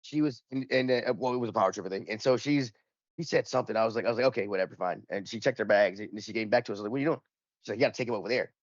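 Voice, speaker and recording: A man's voice: on the low side, rapid-fire, no room sound, lo-fi sound. A man in casual podcast chat, telling a rambling, profane anecdote and acting out the dialogue in it. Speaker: podcast panelist.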